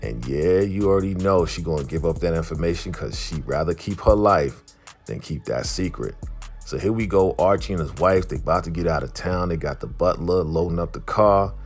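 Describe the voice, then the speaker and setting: A man with a very deep voice talking through an episode recap in a loose, streetwise way. He chats casually like he's telling a friend. Faint music plays underneath. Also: expressive, brisk. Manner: chatty, streetwise. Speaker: vlogger reviewing a TV episode.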